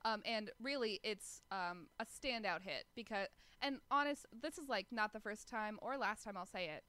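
A woman's voice: medium pitch, normal speed, sharp tone, dry recording. A woman co-hosting a casual chat about a TV episode, opinionated and wry. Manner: opinionated and wry, with laughs and asides. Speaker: podcast co-host.

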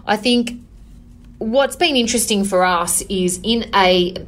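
A woman, a business owner answering interview questions in an earnest, measured way, often saying "you know". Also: medium pitch.

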